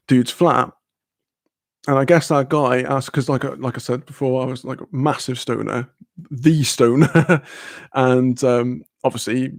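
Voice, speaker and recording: A man's voice: mid-range voice, no echo, clean studio sound. A young man on a live stream, telling a story in loose, rambling casual chat, heavy with swearing and fillers.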